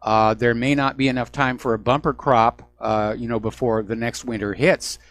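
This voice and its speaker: A man's voice: medium pitch, fairly even intonation, moderate pace, fairly bright tone. A man hosting a call-in radio talk show, explaining points in a conversational, sometimes wry way. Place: Hawaii.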